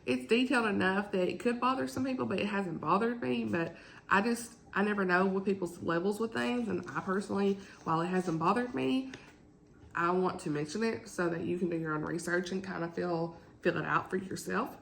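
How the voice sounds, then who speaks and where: A woman's voice: a little fast, gravelly, slight background noise, poor audio. A woman, chatting casually and rambling about books in a book vlog from home, laughing often. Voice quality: deep morning voice. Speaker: book vlogger. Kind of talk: casual chat.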